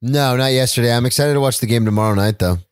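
A man co-hosting a casual sports podcast, giving his picks in a relaxed, hesitant way with many uhs and ums. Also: medium pitch, fast talker, clear, resonant tone, dry recording, clean studio sound. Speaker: podcast co-host.

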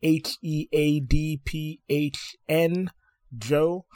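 A man's voice: fairly high pitch, fairly even intonation, very slow, a little mellow, slight background noise. A man in his twenties, co-host of a podcast, talking candidly in casual banter with fillers and easy laughter. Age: 20s.

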